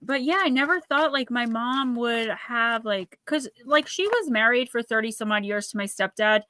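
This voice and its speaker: A woman hosting a live stream, chatting in a rambling, animated way and reading oracle cards aloud. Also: on the high side, moderate pace. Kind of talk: casual live-stream chat and card reading.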